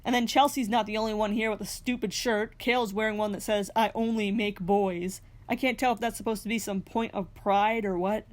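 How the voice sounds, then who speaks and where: A woman's voice: medium pitch, fairly even intonation, a little fast, hardly any pauses. A young woman narrating a reality TV recap in a scripted way, with sarcastic, snarky asides. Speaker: recap host.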